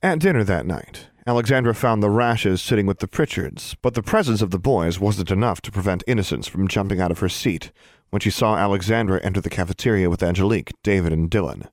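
Male audiobook narrator, low voice, dry close sound, steady and even. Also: brisk, dry recording.

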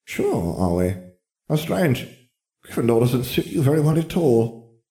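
A man's voice: medium pitch, sing-song, unhurried, warm tone, reverberant, pitched above the performer's own voice. A man voicing an old, sly magical talking hat with a musing, teasing manner.

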